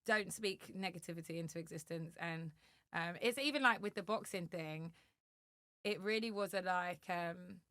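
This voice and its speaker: A young adult woman chatting as a podcast guest, animated, with lots of fillers and acted-out quotes. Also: fairly low pitch, normal speed, no room sound, clean studio sound. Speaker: podcast guest, agency founder. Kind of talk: casual podcast chat.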